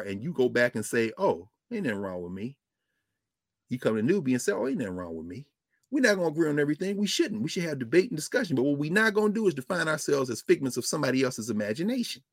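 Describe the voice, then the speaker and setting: A middle-aged man lecturing as a professor and show host, preacherly, with vernacular speech and big swings between loud and low. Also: very animated, quick pace, slightly rough, no echo, studio quality. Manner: uses African American vernacular. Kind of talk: lively lecture to an audience.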